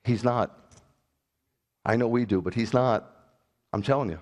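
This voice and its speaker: A middle-aged man preaching a sermon as pastor, animated and jokey, with sudden loud bursts. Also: mid-range voice, unhurried.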